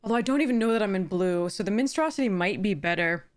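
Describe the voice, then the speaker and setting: A woman's voice: medium pitch, animated, quick pace. A woman in a casual live stream, thinking aloud about card picks and chatting with viewers, a little tired. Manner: chatty, thinks aloud, greets chat warmly. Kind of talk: casual live-stream chat while drafting cards.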